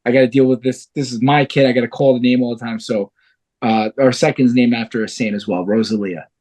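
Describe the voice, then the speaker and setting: This podcast guest, a fighter in his thirties, chats casually and tells stories in a mid-range voice, talking fairly quickly. He tells them with animation and swears freely.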